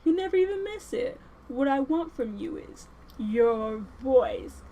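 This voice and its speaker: A woman's voice: sits high, expressive, measured pace, dark tone. A woman voicing a scheming female sea witch, sweet-talking and sly. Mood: coaxing.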